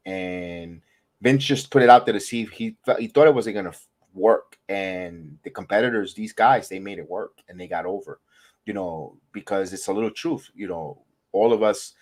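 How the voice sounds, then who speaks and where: A man's voice: on the low side, normal speed, darkish tone. A man from the American South co-hosting a casual podcast, talking in long rambling stretches that run on into backstory. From Southern United States. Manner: rambling, tells backstory with quoted voices. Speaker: podcast co-host.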